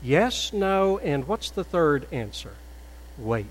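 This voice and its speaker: A pastor delivers a sermon in a slow, measured cadence, his slightly high voice swinging widely in pitch and carrying through an echoey sanctuary. He builds from quiet reasoning to loud, emphatic peaks on key points, over a faint mains hum.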